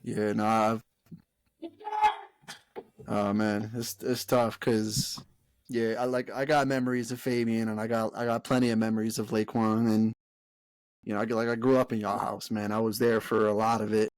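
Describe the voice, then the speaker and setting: A young man co-hosting a podcast, talking in a relaxed, slangy way with lots of fillers and swearing. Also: on the low side, normal speed, no echo. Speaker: podcast co-host. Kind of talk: casual chat.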